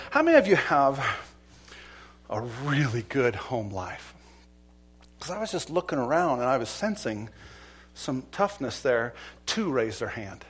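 Middle-aged man, pastor preaching a sermon, fairly high voice, swings from loud urgency to hushed storytelling.

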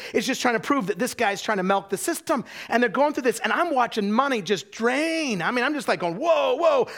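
High-voiced man preaching with animated questions. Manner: animated storytelling with rhetorical questions to the congregation; repeats words when starting sentences. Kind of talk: sermon.

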